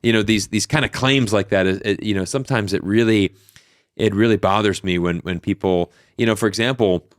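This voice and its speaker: A man's voice: lowish voice, a little fast, no room sound, clean studio sound. A man in his thirties, telling stories in a casual interview with lots of fillers and restarts. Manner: animated storyteller, many fillers and restarts. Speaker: podcast guest.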